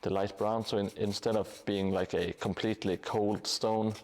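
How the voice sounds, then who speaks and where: A man's voice: lowish voice, level tone, normal speed, darkish tone. A man live-streaming his terrain painting in a casual, hesitant way, with many fillers and restarts. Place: home hobby room above a gym.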